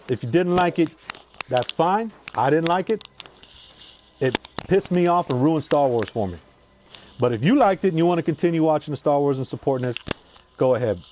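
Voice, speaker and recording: A man's voice: mid-range voice, darkish tone, a little hiss or hum. A man giving a casual, heated movie review on his vlog, swearing often and repeating himself. He speaks into a lapel mic clipped to his shirt. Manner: heated, profane, repetitive ranting. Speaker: vlogger.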